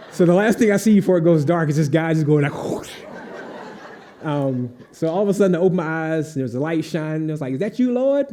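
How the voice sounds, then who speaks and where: A young man spins a comic anecdote at a live author panel, jumping into the voices of everyone in the story. His voice sits a little high but stays warm and mellow, and he laughs easily along the way. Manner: animated storyteller, acts out voices, laughs often. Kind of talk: anecdote telling at a live event.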